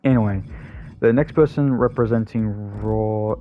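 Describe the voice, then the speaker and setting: A man's voice: fairly low pitch, moderate pace, narrow, tinny audio. A man hosting a gaming channel, giving rambling, casual commentary full of ums and self-corrections.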